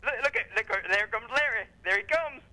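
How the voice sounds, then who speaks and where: A man's voice: extremely high pitch, a little fast, pushed and bright, a little hiss or hum, low-quality recording. A man calling in to a TV show, rowdy and mocking. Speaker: caller.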